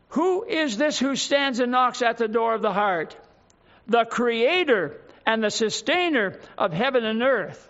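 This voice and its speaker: A man's voice: very high-pitched, expressive, a bit bright. An older man preaching a sermon, fervent and stretching key words for emphasis, on a dull lo-fi recording. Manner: fervent, drawn-out emphatic phrases.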